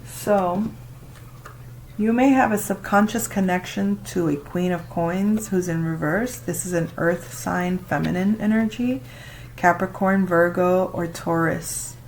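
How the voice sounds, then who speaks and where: A woman doing a casual tarot reading, talking to the listener and reacting out loud with exclamations as she turns the cards. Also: fairly low pitch, a little slow, a little hiss or hum, poor audio. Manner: chatty, exclaims and laughs while reading cards. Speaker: tarot reader.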